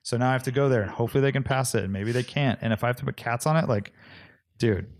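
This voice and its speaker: A man telling a story in a casual chat among friends, animated and swearing casually. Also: medium pitch, rapid-fire.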